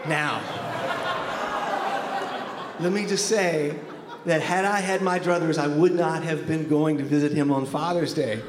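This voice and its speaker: A man's voice: on the high side, steady tone, moderate pace, pauses often, noisy background. A man from Memphis telling a personal story on stage, wry and conversational, nervous and a little shaky. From Memphis, USA. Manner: conversational, wry, self-deprecating. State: nervous, shaking. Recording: long hall reverb.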